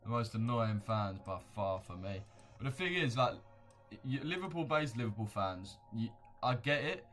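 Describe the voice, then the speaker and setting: Soft music plays while a young male livestream host chats casually, answering viewers with slangy, blunt banter. He sounds expressive and fairly bright, speaking at a normal speed at a medium pitch.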